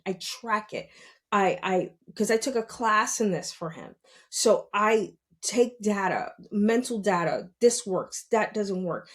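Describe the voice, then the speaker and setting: A middle-aged woman talks on a podcast in a loose, conversational way. Her voice sits at an ordinary pitch for a woman. She is earnest and drives her points home by saying them again. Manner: earnest, repeats points for emphasis. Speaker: podcast host, parent. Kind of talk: casual talk.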